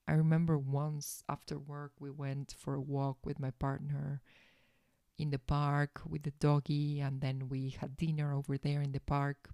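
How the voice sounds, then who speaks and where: Slow, gravelly podcast host. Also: medium pitch, a little mellow, no echo, studio quality. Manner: frank and confiding, acts out its own past self in quotes. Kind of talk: candid personal storytelling.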